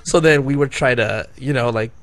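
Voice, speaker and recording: In easygoing podcast chat, a male co-host unspools a long story, often laughing, restarting and saying "like." He speaks at a moderate pace in a medium-pitched, slightly bright voice, with no echo.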